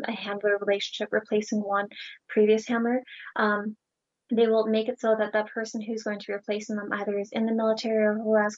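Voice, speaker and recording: Woman explaining her experiences, steady flat tone, dry lo-fi sound. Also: mid-range voice, dry recording. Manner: earnest, explanatory, with rhetorical questions. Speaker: guest. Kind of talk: casual conversation.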